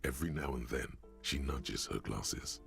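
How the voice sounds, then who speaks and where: A man voicing a grave male narrator's inner voice in a video game, measured and gravelly. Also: extremely low pitch, fairly bright tone, faint music behind, full character voice. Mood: calm.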